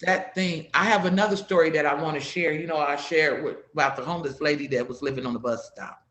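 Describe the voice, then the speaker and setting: A woman's voice: sits low, steady tone, fast, a bit bright, a little hiss or hum. A woman guest giving heartfelt personal stories about her community work, retelling conversations with repeated "I said, she said.". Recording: roomy echo.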